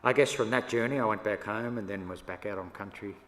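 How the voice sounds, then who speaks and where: Older Australian man, very low voice, relaxed storytelling, reverberant church hall. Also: brisk. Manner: relaxed yarning, laughs between stories. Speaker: First Nations elder speaker. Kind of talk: storytelling talk to an audience. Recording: echoey hall, faint room noise.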